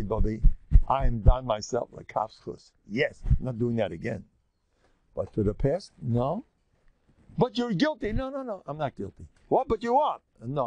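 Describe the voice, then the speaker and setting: A Torah lecture from an older rabbi in the United States, spoken at medium pitch with no echo. He's animated throughout, playing out inner voices and drawing on Hebrew and Yiddish vocabulary.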